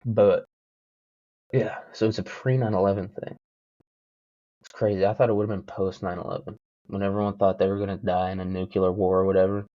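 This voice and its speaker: A man's voice: sits low, level tone, fast, mellow, dry recording, dull audio. A young man hosting a solo podcast, rambling casually with lots of swearing and self-mocking jokes. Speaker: podcast host.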